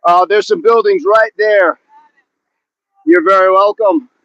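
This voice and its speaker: A man's voice: high-pitched, fairly even intonation, a little slow, a bit bright, no room sound, dull audio. A man hosting a fitness livestream outdoors, chatting with viewers and counting his reps, slightly out of breath. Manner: grunting rep counts between casual chat with viewers. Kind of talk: live workout chat with counting.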